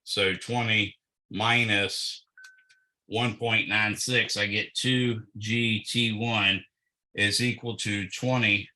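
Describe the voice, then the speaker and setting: Male physics tutor, low and bright-toned, unhurried, methodical, talking through the math aloud. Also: rough recording. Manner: slow and methodical, thinking aloud with fillers. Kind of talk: working through a problem aloud.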